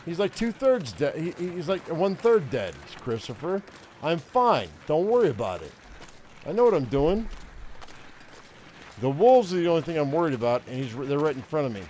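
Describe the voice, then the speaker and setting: An older man talks over his game in a loose, rambling way, cursing often and restarting his sentences. His voice sits a little higher than most men's, with a faint wash of noise behind it. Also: sing-song, moderate pace, mellow. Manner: profane, ranting, rambling with many restarts. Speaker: gaming streamer. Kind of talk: casual gameplay commentary.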